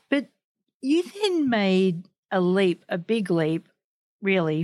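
A woman interviewer with a lowish voice asks her guest questions. Her manner is encouraging and conversational, and the recording is dry and close. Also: a little mellow, no room sound. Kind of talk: casual interview talk.

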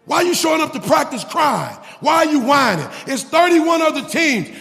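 A high, gravelly male preacher works through a sermon, veering between full-throated shouts and low, hushed intensity. His voice rings out in a church hall with a long echo and soft music underneath. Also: big pitch swings, moderate pace. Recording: long reverb, music behind. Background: faint music.

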